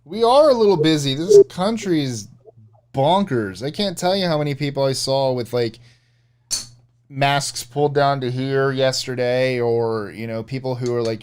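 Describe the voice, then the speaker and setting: A man with a smooth, resonant voice at an ordinary middle pitch chats loosely on a live stream. He rambles, restarts his sentences and answers viewers' questions. His voice is full and clean. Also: moderate pace, a little mellow. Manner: rambling, self-correcting, answering chat. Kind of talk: casual live-stream chat.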